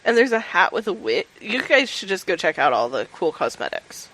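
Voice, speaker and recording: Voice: mid-range voice, big pitch swings, moderate pace, sharp tone, rough recording. A podcast co-host chatting casually and playfully about a game. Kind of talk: casual gaming podcast chat.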